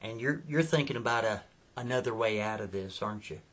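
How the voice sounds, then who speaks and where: A man's voice: lowish voice, fairly quick, a bit bright. Man doing a creepy menacing driver. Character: creepy menacing male stranger driving a car.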